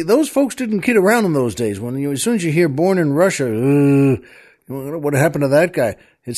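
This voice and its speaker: A man's voice: on the high side, darkish tone. A man hosting a comedy podcast, telling jokes in a chatty monologue full of asides and chuckles. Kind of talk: casual comic monologue.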